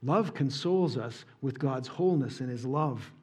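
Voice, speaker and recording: A man preaching a sermon in church, earnest and emphatic, dropping soft on key points. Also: mid-range voice, animated, moderate pace, breathy edge. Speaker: pastor.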